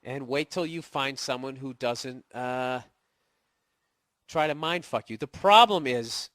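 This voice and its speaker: Speaking slowly in a medium-pitched, slightly bright voice, a podcast host getting over a cold tackles a listener email with a blunt, profane, comedic rant and sarcastic side remarks. The sound is studio quality with no echo.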